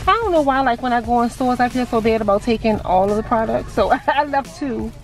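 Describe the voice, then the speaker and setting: A woman, chatting excitably to her viewers in a casual vlog and calling them "y'all". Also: on the high side, brisk, distant mic. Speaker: vlogger. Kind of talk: casual chat. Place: in the car and at home.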